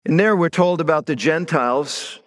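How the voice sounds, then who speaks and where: A middle-aged male pastor delivers a sermon in a voice pitched a touch above most men. He talks it through like a story told to friends, then presses down firmly on the words that matter. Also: moderate pace. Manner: conversational storytelling with stressed words.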